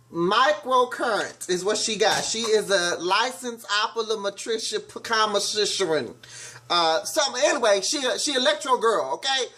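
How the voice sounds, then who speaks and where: A man's voice: high-pitched, sharp tone. A man hosting his own review vlog about reality TV. His commentary is sassy and blunt, full of slang and casual asides.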